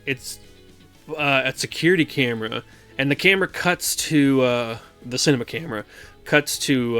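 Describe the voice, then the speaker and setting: A man talks on his stream, working through a film recap with plenty of ums, restarts and casual swearing. His voice sits at a middling pitch. Faint music plays quietly behind him. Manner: rambling, filler-heavy, swearing, acts out quotes. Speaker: streamer host.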